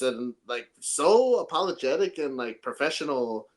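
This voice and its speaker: A man's voice: mid-range voice, moderate pace, a bit bright. A young man from San Antonio, Texas, co-hosting a podcast in a laid-back, casual chat, swearing often and laughing a lot. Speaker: podcast co-host.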